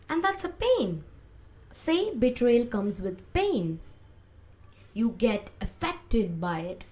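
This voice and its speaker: A young woman hosting a podcast, talking slowly and emotionally about hurt, voicing inner thoughts with sudden rises in loudness. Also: mid-range voice, very animated. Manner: slow, emotive, acts out inner voices with big swings in loudness. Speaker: podcast host. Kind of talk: reflective podcast monologue.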